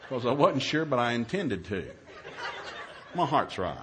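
A man who is a minister, telling a humorous story in a sermon, acting out his own yelled lines in a raised voice. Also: unhurried, noisy background. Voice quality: animated, shifts to high yelling quotes.

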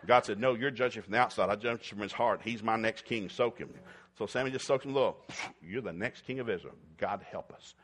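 Speaking briskly, a man with a fairly low, fairly bright voice and a breathy edge delivers a sermon. His folksy, humorous retellings of Bible stories come alive as he acts out each character's voice.

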